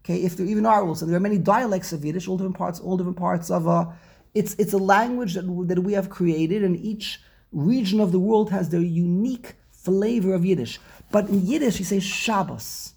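A man's voice: high-pitched, fairly quick, vocal fry, darkish tone, husky. A man teaching a religious text study class, rambling and often repeating words and restarting his sentences.

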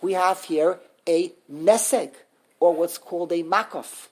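A woman's voice: fairly low pitch, measured pace, a little mellow. A woman teaching an interactive scripture grammar class, emphatic, often restarting and repeating words. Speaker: religious studies teacher.

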